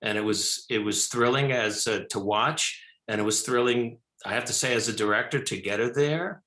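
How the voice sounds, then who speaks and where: An older man telling a long story as a TV interview guest, his voice bright and forward. He restarts often and leans on fillers, and the room around him is reverberant. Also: medium pitch, moderate pace. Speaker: film director and actor, guest. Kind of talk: talk show interview.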